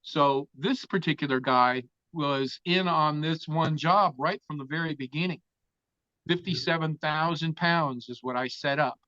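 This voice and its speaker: An older man from Florida tells a long story as an interview guest, cursing freely and acting out the other people in it. His voice sits a little high for a man. The recording is dry and close but dull and lo-fi. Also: unhurried, no room sound. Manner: profane, animated storyteller who acts out other people's lines. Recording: dull, lo-fi sound.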